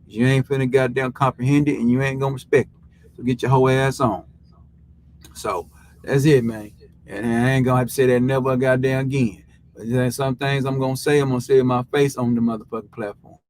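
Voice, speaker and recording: A man's voice: medium pitch, steady tone, brisk, darkish tone, low-quality recording. A man hosting a live sports recap show, talking in a loose, rambling, heavily profane way with constant filler tags. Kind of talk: casual live-stream rant.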